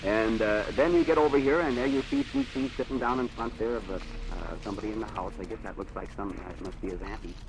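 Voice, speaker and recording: A man's voice: fairly low pitch, fast talker, poor audio. A middle-aged man, a mayor, reading comic strips aloud to children over the radio in a chatty, chuckling way with rambling asides. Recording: hissy 1930s radio archive recording.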